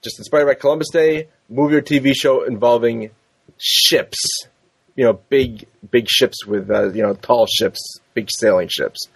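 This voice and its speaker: A man's voice: medium pitch, moderate pace, vocal fry, slightly rough, no echo. A man hosting a casual comedy podcast, joking loosely with his co-hosts and laughing often. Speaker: podcast host.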